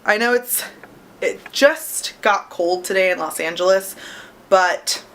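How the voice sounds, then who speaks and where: A woman's voice: medium pitch, takes it slowly, fairly bright tone, poor audio. A young adult woman talking casually to camera in a bubbly, upbeat, chatty vlog. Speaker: vlogger.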